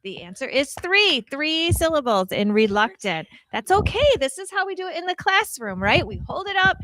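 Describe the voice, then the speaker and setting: A woman's voice: sits high, moderate pace, no room sound, low-quality recording. A woman teacher on the school morning announcements, playful and joking with the children. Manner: playful, animated, tells jokes to children.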